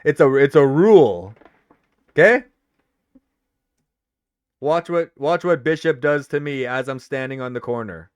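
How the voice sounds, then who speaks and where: A man streaming live, excitedly commenting on old footage and laughing often. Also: mid-range voice, unhurried, pauses often, clear, resonant tone, dry recording. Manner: excitable, laughs a lot, loud.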